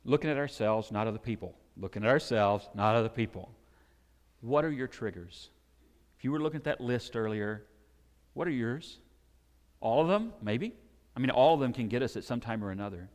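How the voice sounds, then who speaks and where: A man preaching a sermon, animated and conversational, sometimes acting out the shouting crowds he describes. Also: mid-range voice, brisk. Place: church sanctuary. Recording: long hall reverb.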